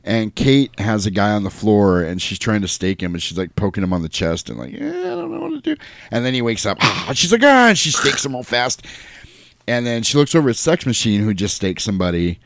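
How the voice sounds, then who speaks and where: A man's voice: on the low side, brisk, no echo. A man co-hosting a casual chat, animatedly recapping a movie and acting out its lines with laughter. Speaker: podcast co-host.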